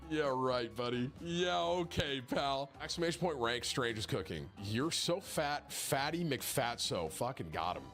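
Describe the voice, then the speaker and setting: Bright, sharp-toned male streamer reading chat messages aloud with mocking commentary. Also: medium pitch, lively intonation, unhurried, hardly any pauses, soft background music. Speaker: game streamer.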